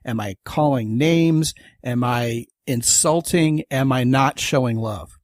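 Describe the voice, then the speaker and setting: A man's voice: medium pitch, slow, no room sound, clean studio sound. A man hosting a podcast, talking in an emphatic, folksy way in casual conversation. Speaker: podcast host.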